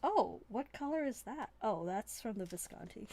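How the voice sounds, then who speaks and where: A woman's voice: medium pitch, animated, normal speed, dark tone. A woman from Canada hosting a live stream, chatting in a rambling, playful, self-mocking way from a desk indoors. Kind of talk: casual live-stream chat.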